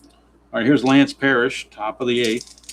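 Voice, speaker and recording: A man's voice: mid-range voice, steady tone, a little slow, a little hiss or hum, low-quality recording. A man narrating a tabletop baseball simulation in play-by-play style, grumbling with sarcastic exasperation at the dice.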